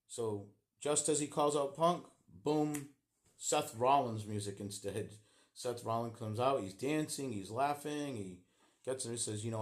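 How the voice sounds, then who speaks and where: A man giving a casual, animated play-by-play recap of a wrestling show, with plenty of fillers. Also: medium pitch, moderate pace.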